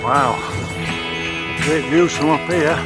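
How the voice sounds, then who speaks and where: A man's voice: fairly high pitch, takes it slowly, loud music behind the voice. A middle-aged man with a Yorkshire accent, joking his way through a mountain-bike vlog, filmed on his phone outdoors. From Barnsley, Yorkshire. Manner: jokey, self-mocking commentary. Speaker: vlogger. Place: outdoors on moorland trails. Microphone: phone selfie while riding. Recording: outdoor phone recording with noise.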